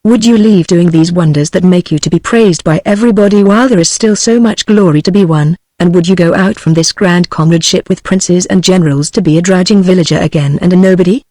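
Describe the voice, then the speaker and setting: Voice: medium pitch, fairly quick, few pauses, darkish tone, dry recording, close to an everyday voice. A text-to-speech voice reading the lines of a bewildered, doting old peasant father, as a plain synthetic reading with no voice change. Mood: puzzled.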